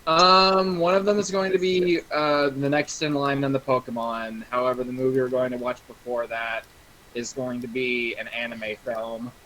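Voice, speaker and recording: Mid-pitched man, casual and hesitant, a friend dialing in. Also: flat delivery, normal speed, pushed and bright, poor audio. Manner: hesitant, stumbling starts. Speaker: friend on voice chat. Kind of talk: casual chat.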